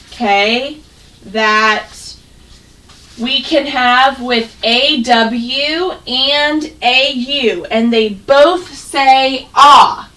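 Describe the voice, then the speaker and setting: Slow, bright-voiced woman teaching phonics. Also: high-pitched, far from the mic, rough recording. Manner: slow, exaggerated sounding out of words. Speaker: first grade teacher. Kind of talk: online phonics lesson. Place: home, on a video call with students.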